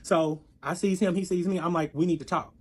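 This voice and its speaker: Fast-talking animated storyteller man. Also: sits high, breathy edge. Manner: animated, profane, acts out both sides of arguments. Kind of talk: casual storytelling.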